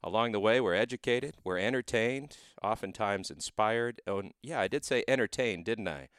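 A man's voice: lowish voice, moderate pace, fairly bright tone, clear, resonant tone, no echo, studio quality. A man hosting a radio interview show, presenting in an earnest, folksy, upbeat way.

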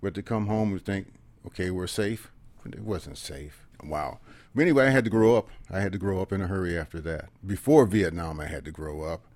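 A man in his seventies, a veteran telling personal stories in a rambling, conversational way, often trailing off softly. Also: deep voice, fairly quick, no room sound. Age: 70s. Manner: conversational, rambling, tags phrases with "okay?" and drops softly at the ends. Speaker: veteran guest. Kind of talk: personal storytelling in an interview.

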